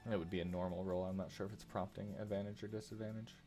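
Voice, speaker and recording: A man narrating as game master of a tabletop game, halting with frequent filler sounds. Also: deep voice, level tone, music in the background.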